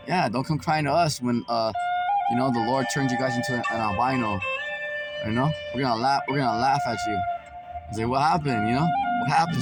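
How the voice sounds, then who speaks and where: Mocking, profane preaching man. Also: mid-range voice. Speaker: street preacher. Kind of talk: ranting religious commentary. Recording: loud background music.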